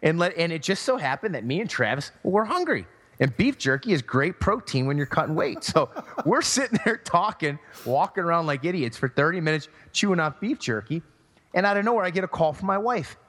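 A man's voice: a little high, very animated, brisk, fairly bright tone. A man co-hosting a podcast, telling a story casually and acting out the voices of the people in it. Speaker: podcast co-host. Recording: long hall reverb.

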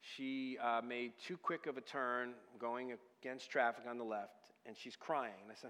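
A man preaching a sermon, telling a personal story and building from quiet storytelling to loud, passionate crying out. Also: mid-range voice, steady tone, moderate pace. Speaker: pastor. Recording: hall with long reverb.

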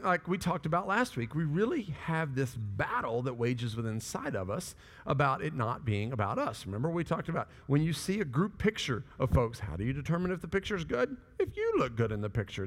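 A male pastor preaching a sermon, telling stories in a lively way and acting out the people he quotes. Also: fairly high pitch, fairly quick, big-room sound. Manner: animated storytelling with quoted voices.

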